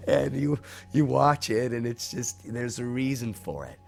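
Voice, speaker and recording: A man, an actor, telling lively stories from a film shoot in a documentary interview and acting out the lines of people he quotes. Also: medium pitch, a little slow, creaky, soft background music. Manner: animated storyteller who acts out quotes.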